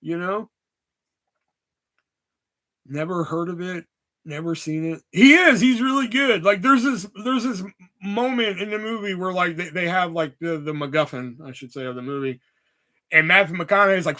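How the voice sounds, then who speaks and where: A man's voice: high-pitched, normal speed, sharp tone. A man hosting a livestream, chatting casually about movies in a rambling, sarcastic way full of swearing. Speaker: livestream host.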